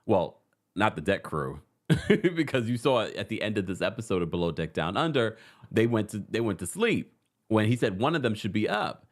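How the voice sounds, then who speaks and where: Lively, laughing man recapping reality TV. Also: lowish voice, normal speed. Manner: animated, laughs often, acts out quotes in put-on voices. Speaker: host. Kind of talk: casual reality TV recap chat.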